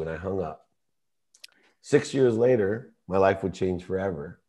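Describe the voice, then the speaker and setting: Man, 50s, guest storyteller; low-pitched, emotional and animated. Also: unhurried, pauses often. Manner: emotional, animated storytelling with laughs and vivid quotes. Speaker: podcast guest. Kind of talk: personal storytelling in conversation.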